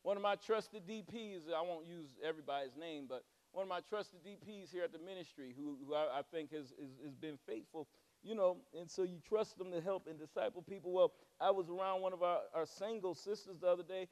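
A man's voice: high-pitched, fairly quick, a little mellow. A male pastor preaching a sermon with rising fervor and humorous asides.

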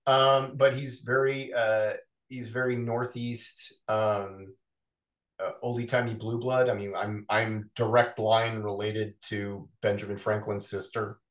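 A man who works as a voice actor, chatting casually as an interview guest in an animated, rambling way with quick asides. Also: fairly low pitch, reverberant.

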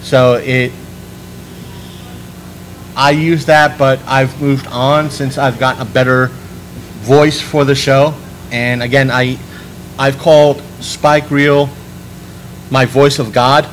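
A man's voice: mid-range voice, level tone, slow pace, long pauses, a little hiss or hum, low-quality recording. A man hosting a podcast panel, talking casually and rambling with frequent restarts. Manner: chatty, rambling with many restarts.

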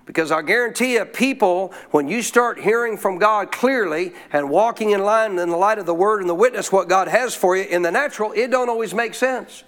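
High-voiced preacher with call-and-response. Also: male voice, fairly quick, hardly any pauses, a bit bright. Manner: call-and-response, leaves blanks for the crowd to fill; emphatic, repeats key lines. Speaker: pastor. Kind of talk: sermon. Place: church service.

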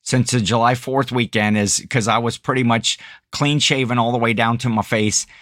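A man's voice: medium pitch, steady tone, moderate pace, a bit bright, dry recording, studio quality. A man co-hosting a podcast in casual chat, rambling with frequent laughs and restarts. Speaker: podcast co-host.

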